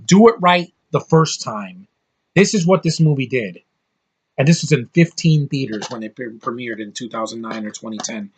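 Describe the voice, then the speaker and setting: A man from the United States giving a casual, opinionated movie review straight to camera, blunt and quick to swear. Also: medium pitch, lively intonation, slightly rough. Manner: blunt, opinionated, swears often, mocking voices.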